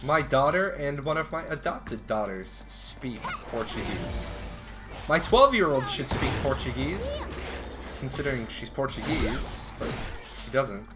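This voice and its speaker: A man's voice: medium pitch, sing-song, measured pace. A man from the United States streaming a video game, rambling casually with frequent swearing and laughter. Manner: rambling, profane, laughs often. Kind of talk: casual gameplay commentary. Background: game music and keyboard typing.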